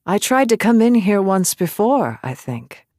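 A man's voice: sits high, big pitch swings, a little slow, a little mellow, no echo, studio quality, pitched above the performer's own voice, full character voice. A male narrator voicing a curious young woman warrior from a foreign land, asking earnest, wondering questions. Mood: musing.

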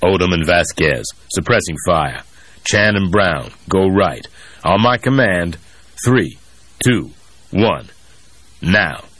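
A man voicing a gruff military colonel who gives short, clipped orders in a low voice. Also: animated, slow pace, pauses often, fairly bright tone, no room sound, full character voice. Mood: commanding.

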